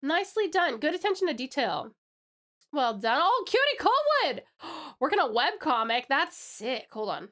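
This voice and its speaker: A woman's voice: sits high, big pitch swings, normal speed, fairly bright tone. An Australian woman from Tasmania chatting casually on a live stream, bubbly and greeting her chat with pet names.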